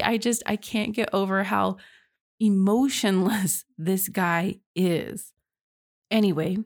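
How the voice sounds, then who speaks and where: A woman's voice: mid-range voice, darkish tone. A young woman hosting a true crime podcast, telling the case in a chatty, casual way and reacting with disbelief. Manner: chatty, reacts with sighs and laughs, says y'all.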